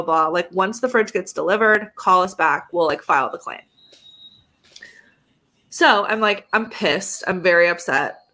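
Young woman telling a story, acting out calls. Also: fairly low pitch. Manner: animated, acts out both sides of phone calls. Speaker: podcast co-host. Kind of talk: casual storytelling chat.

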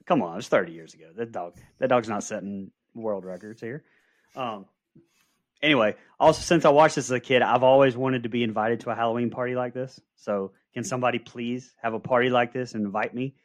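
Male podcast co-host, mid pitch, dry mic, loose and jokey commentary. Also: brisk, no room sound. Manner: joking, rambling, lots of "um" and asides. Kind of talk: casual film-commentary chat.

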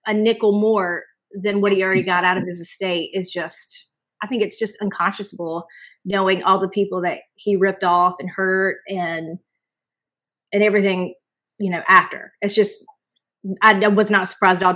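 A woman's voice: mid-range voice, steady tone, moderate pace, a bit bright. A woman from North Carolina, a guest on a podcast, talking casually with gushing emphasis.

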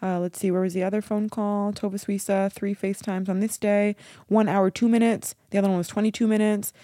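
A woman's voice: mid-range voice, level tone, brisk, mellow, no echo, studio quality. A woman hosting her own podcast, talking candidly and casually, swearing freely and poking fun at herself. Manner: frank, swears freely, self-mocking. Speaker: podcast host.

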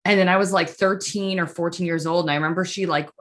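A woman from the United States telling stories in an animated, chatty way, full of fillers, in casual conversation. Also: lowish voice, fast talker. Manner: chatty, animated storytelling full of "like" and "you know".

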